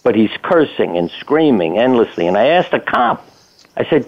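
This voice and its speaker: An older man's low, steady voice comes down a thin, phone-like line. He tells his stories in a relaxed way as a guest, chuckling now and then and voicing the people in them. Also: moderate pace. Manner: conversational storyteller, chuckling, acts out quotes. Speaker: guest, doctor. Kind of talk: casual storytelling interview.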